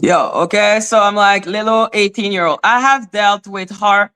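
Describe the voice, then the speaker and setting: Sassy, bright-voiced woman streamer. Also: moderate pace, clean tone. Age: adult, former high school teacher. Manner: blunt, profane and sassy, scolding the chat; big swings between high exclaims and low asides. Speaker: live stream host. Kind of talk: casual live-stream commentary.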